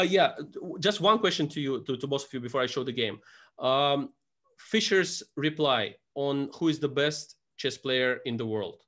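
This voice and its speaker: A man hosting a relaxed chat, winding through anecdotes with plenty of pauses and fillers. His voice sits at an ordinary middle pitch. He talks casually and loosely. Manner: rambling storyteller, filler-heavy. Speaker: host. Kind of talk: casual video conversation.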